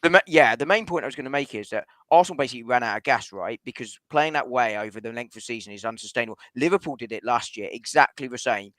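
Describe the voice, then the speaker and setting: A man on a casual football podcast, making his case quickly and carefully, often hedging and restarting. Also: medium pitch, expressive, fairly bright tone, dry recording. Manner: fast, reasoned, hedging with restarts. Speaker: podcast panelist.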